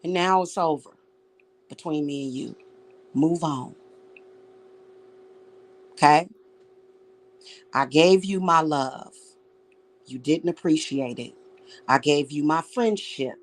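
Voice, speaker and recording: A woman vlogger with a deep voice speaks slowly and pauses often. She aims an angry, profanity-laced rant directly at someone, repeating her words as she goes.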